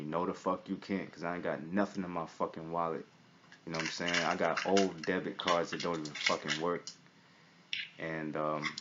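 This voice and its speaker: Young man, very deep voice, swaggering profane storyteller; lo-fi recording with light hiss. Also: fairly bright tone. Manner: profane, streetwise, keeps asking "you feel me". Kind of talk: casual storytelling. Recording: slightly dull recording with faint hiss.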